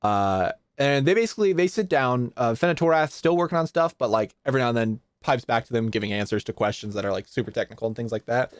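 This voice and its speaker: A man's voice: mid-range voice, fast, few pauses, clear, resonant tone, no room sound, studio quality. A man narrating a tabletop game as game master, casual, filler-heavy and often laughing.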